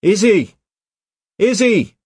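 A man's voice: fairly low pitch, normal speed, no echo, studio quality, close to an everyday voice. A man voicing a tall, blunt, plain-spoken young lighthouse keeper in an audiobook. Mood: yelling. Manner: plain-spoken, slangy, shouts in alarm. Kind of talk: audiobook character voice.

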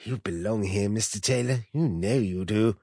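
A man voicing an ageless, sinister drug-den host who speaks in a breathy, falsely hearty voice, slow and coaxing. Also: fairly low pitch, mellow, no echo, studio quality. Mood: wheedling. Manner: silky, wheedling, slow and coaxing. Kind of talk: audiobook character voice.

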